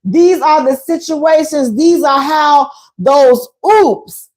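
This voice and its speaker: A woman hosting a radio talk show with a high-pitched voice. She speaks frankly and colloquially, addressing her listeners directly. Her delivery is sassy and animated, with preachy, dramatic emphasis. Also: slow pace. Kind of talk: frank relationship talk to a live audience.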